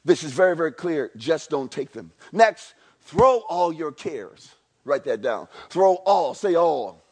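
A man preaching a sermon at a church service. He leads the congregation in call-and-response, swinging from quiet, low lines to loud shouts. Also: big pitch swings, a little slow, husky. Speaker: pastor.

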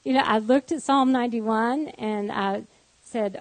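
A woman sharing a personal faith testimony as a guest, telling her story in an animated way. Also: unhurried, no room sound, low-quality recording. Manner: animated storytelling, voice rising high in acted quotes, laughing.

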